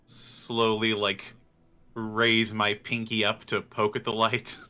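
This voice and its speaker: Bright-voiced man at a tabletop game. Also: lowish voice, completely flat delivery, slow, clean tone. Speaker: player.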